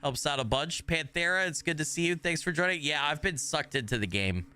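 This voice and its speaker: A man streaming a horror game live, chatting with his viewers and swearing often, sometimes yelling in a high mock panic. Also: animated, brisk, clean tone. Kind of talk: live gameplay commentary.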